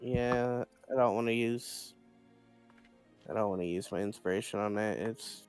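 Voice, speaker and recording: A tabletop player talking through dice rolls casually, trailing off and hedging. The voice is smooth and resonant at a middle pitch. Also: moderate pace, darkish tone, faint music behind. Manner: hesitant, mumbling about dice rolls. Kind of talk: casual tabletop game chat.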